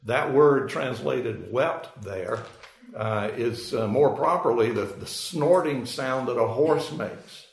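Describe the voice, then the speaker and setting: A man preaching a sermon, explaining scripture in an unhurried way with frequent fillers. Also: medium pitch, vocal fry. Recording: echoey room.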